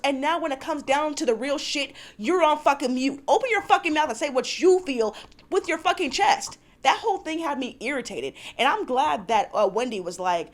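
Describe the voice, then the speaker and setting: A woman's voice: high voice, lively intonation. A woman hosting a reality TV recap vlog, ranting in a profane, exasperated way and acting out the cast's lines. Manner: acts out cast members' lines in quick voices. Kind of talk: casual recap and commentary.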